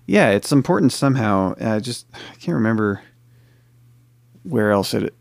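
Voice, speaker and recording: A man's voice: fairly low pitch, expressive, normal speed, creaky, no echo, clean studio sound. A man co-hosting a casual podcast, talking bluntly and trailing off mid-sentence. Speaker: podcast co-host. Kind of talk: casual chat.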